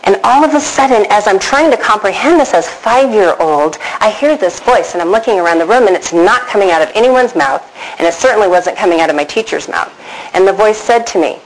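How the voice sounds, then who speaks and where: A middle-aged woman telling a personal story to a live audience, animated and asking the audience questions. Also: medium pitch, a little fast, low-quality recording. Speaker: speaker addressing an audience.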